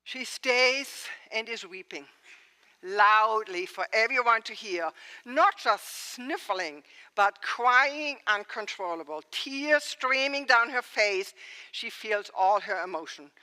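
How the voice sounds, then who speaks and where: Slow, bright-voiced woman pastor preaching. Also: on the high side. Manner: slow, expressive preaching with rhetorical questions. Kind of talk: sermon. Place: church sanctuary. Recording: long church reverb.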